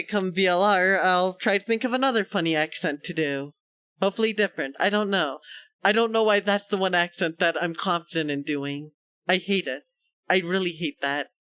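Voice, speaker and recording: A man's voice: high-pitched, fairly bright tone, clear, resonant tone, no room sound. A male streamer chatting casually with his viewers, laughing often and poking fun at himself. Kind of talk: casual live-stream chat.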